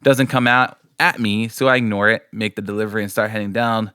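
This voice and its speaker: Chatty laughing podcast host, dry sound. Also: male voice, fairly low pitch, fairly even intonation, a little fast, sharp tone, clear, resonant tone, no room sound. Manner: laughing, rambling storyteller. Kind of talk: casual chat.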